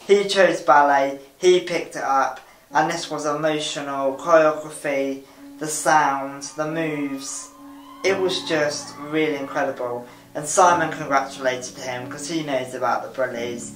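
A man's voice: a little high, fairly even intonation, measured pace, fairly bright tone, a little hiss or hum. A man giving an enthusiastic, casual video review of talent show acts, often repeating his praise. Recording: roomy sound with music behind.

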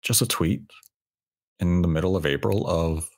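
A man's voice: deep voice, moderate pace. A man hosting a casual podcast discussion, explaining his points at length in an analytical way. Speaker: podcast host.

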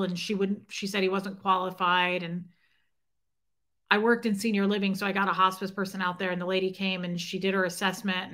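With a pushed, bright, mid-range voice, this livestream host greets viewers in chat by name. Her talk is emotional and casual as she rambles through a personal story.

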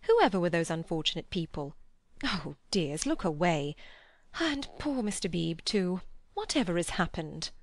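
A woman's voice: on the low side, big pitch swings, a little slow, no room sound, full character voice. A woman voicing a flustered, genteel older mother in an audiobook, fussy and full of exclamations.

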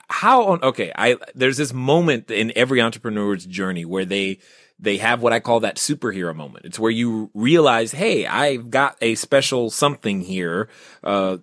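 A man's voice: medium pitch, a bit bright, no room sound, studio quality. A man hosting a podcast interview who interrupts his guest eagerly and asks his questions with enthusiasm. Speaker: podcast host.

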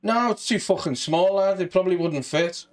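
A man's voice: sits high, normal speed. A man with a Liverpool accent on a prank call to a scammer, brash, mock-tough and swearing freely. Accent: Liverpool (Scouse). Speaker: scambaiter.

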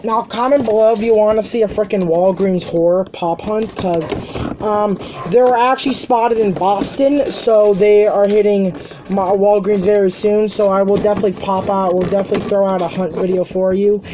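An excitable collector talks through an unboxing in a bedroom, cursing and then apologizing, often stumbling over filler ums. The pitch sits in the middle, and steady background noise hums under the home recording. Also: moderate pace. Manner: rambling, joking, swears often, then apologizes; many filler ums and restarts. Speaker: toy collector unboxing a figure. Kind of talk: casual unboxing vlog.

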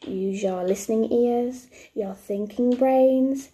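Slow-talking teacher lady doing phonics with little kids, mellow voice, lots of cheery praise. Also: a little high, lively intonation, slight background noise. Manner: slow, encouraging, sing-song praise. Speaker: primary school teacher. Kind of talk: phonics lesson for young children.

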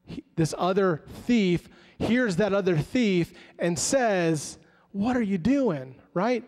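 A man's voice: sits high, lively intonation, takes it slowly, a little mellow. A man preaching a sermon as pastor, retelling conversations and acting out the voices of the people he quotes. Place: church sanctuary. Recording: long church hall reverb.

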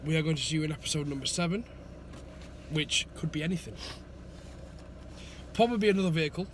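Yorkshire man, slightly high voice, jokey co-host, faint noise behind, in-car vlog. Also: quick pace. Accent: Yorkshire English. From Yorkshire, England. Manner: jokey, laughing often, loud sign-off calls. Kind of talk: casual banter. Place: inside a parked car.

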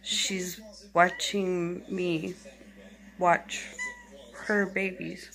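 A tired woman chatting casually in a home video, talking softly and fondly to her kittens. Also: medium pitch, slow. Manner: soft, fond baby talk to kittens. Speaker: vlogger.

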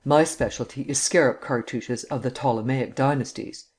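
A man's voice: mid-range voice, moderate pace, a little mellow, lightly acted. Foppish dilettante detective, sweetly condescending drawl, read by a man, audiobook. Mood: airy. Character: languid refined dilettante gentleman sleuth. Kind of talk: audiobook reading.

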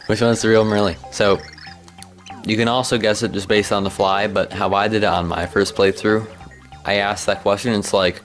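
A goofy man chats his way through a video game, cracking jokes and reading the on-screen text aloud. His voice sits low, and faint game music runs underneath. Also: steady tone, normal speed, gravelly. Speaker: let's play host. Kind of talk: casual gameplay commentary.

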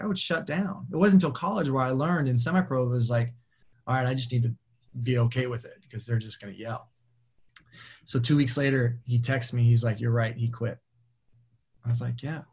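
A man's voice: mid-range voice, a little fast, slightly rough. A man, a guest coach telling stories in a casual interview. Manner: animated storyteller who acts out quoted dialogue. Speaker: podcast guest, mental performance coach. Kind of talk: casual storytelling.

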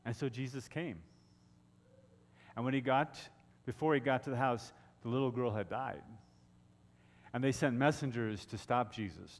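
A man preaching an Easter sermon as a pastor, telling the story dramatically and often dropping to hushed tones. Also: mid-range voice, moderate pace, pauses often. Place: church sanctuary. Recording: long reverb of a church hall.

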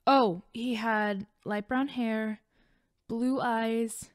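A woman's voice: a little high, fairly even intonation, extremely slow, no echo, studio quality. A woman voicing a troubled young woman warrior, earnest and uncertain as she confides. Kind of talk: audiobook voice acting.

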